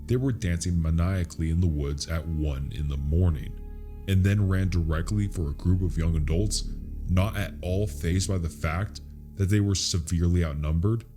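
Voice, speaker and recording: A man reading a scary true story as a narrator, in a slow, hushed, suspenseful delivery. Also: sits low, over music. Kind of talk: scripted horror story narration.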